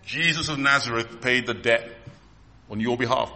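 A man's voice: medium pitch, normal speed, bright, forceful tone. A man in his fifties preaching an impassioned, emotional sermon.

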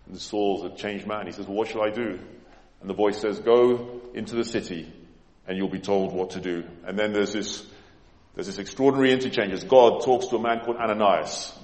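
A man's voice: fairly low pitch, fairly quick, a little mellow. A man preaching a sermon, dramatic and emphatic, acting out the voices he quotes. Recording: echoey hall with long reverb.

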